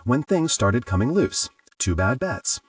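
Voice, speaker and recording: A man's voice: mid-range voice, very animated, measured pace, slightly rough, no echo, studio quality. A man voicing an earnest male government agent who speaks in a level, matter-of-fact way. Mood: wry.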